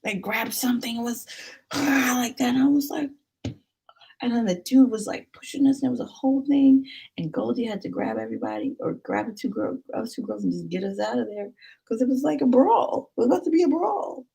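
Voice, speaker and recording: A young woman vlogger telling a casual, rambling story to camera, animated and jumping into high excited squeals. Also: fairly quick, gravelly, breathy edge.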